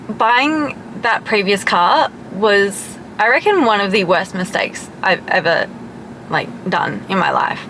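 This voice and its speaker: Gushing high-voiced Australian woman vlogger. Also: pushed and bright, slight background noise, low-quality recording. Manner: bubbly, gushing, quick to laugh. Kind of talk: casual vlog chat.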